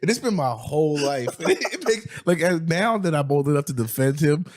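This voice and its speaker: Man, podcast co-host, lively up-and-down voice, animated storytelling, laughs often. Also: on the high side, a little fast, no room sound, studio quality. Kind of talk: casual comedic chat.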